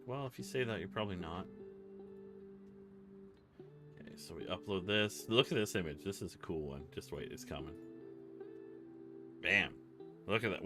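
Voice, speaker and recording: A man hosting a casual livestream, rambling and telling stories with quick voice impressions. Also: sits low, animated, a bit bright, soft background music. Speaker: livestream host.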